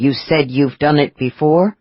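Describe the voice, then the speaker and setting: A woman voicing a gruff, angry man who growls his words in clipped bursts. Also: deep voice, unhurried, dry recording, dull audio, voice pushed down. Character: gruff angry man, wounded operative with cane.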